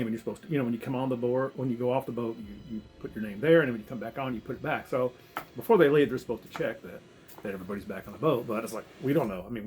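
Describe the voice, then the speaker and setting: A man casually telling a story to camera, rambling and restarting, swearing and chuckling often. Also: mid-range voice. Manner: rambling, self-interrupting, swears and laughs often. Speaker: vlogger telling a diving story.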